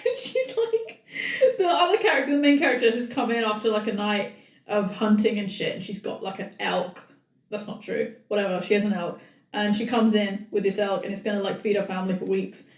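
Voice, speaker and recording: A woman's voice: mid-range voice, brisk, distant mic. A young woman, co-hosting a podcast in crude, sarcastic casual chat. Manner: crude, sarcastic, animated storytelling. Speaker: podcast co-host. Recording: echoey room, voice a bit off-mic.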